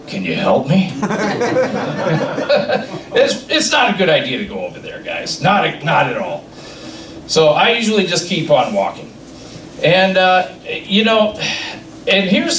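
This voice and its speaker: Male stand-up comedian, lively up-and-down voice, echoey club sound from off mic. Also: fairly high pitch, distant mic, a little hiss or hum. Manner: rambling, self-amused storytelling. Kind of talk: stand-up set.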